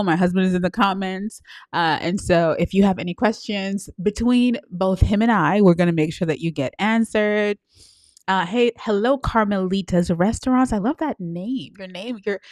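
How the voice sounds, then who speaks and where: A woman who is a coach hosts a live stream, chatting with viewers, greeting them by name with sing-song hellos, and laughing often. Her voice is medium-pitched with a darkish tone. The live-stream mic gives clean, studio-quality sound with no room noise.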